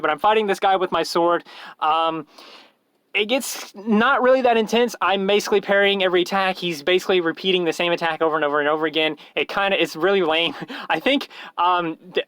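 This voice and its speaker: A man's voice: high-pitched, a bit bright, no echo. A man telling a rambling, self-mocking story in a casual vlog, full of fillers and restarts.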